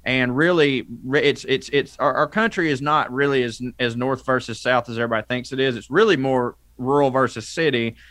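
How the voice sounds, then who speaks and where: A man with a Southern US accent, a comedian guest talking casually on a podcast in a rambling, animated way that keeps restarting itself. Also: mid-range voice, fairly quick, hardly any pauses, no echo. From American South. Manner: rambling, animated, self-interrupting.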